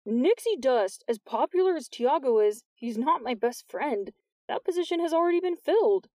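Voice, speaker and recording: A woman's voice: high-pitched, expressive, normal speed, dark tone, no echo, pitched above the performer's own voice. A woman narrator voicing a dry, wisecracking teenage boy who speaks in a wry, teasing way.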